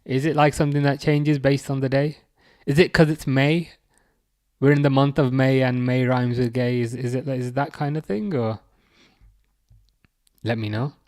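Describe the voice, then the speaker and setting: Steady in tone and a little mellow, this young man from England talks at a moderate pace with frequent pauses and a mid-range voice. Hosting a football watch-along, he rambles, mocks, and chats over viewer comments, full of fillers and restarts. The studio sound is clean and echo-free.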